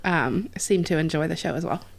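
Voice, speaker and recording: Low-voiced woman in casual chat. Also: brisk, vocal fry. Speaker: podcast co-host. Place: home kitchen.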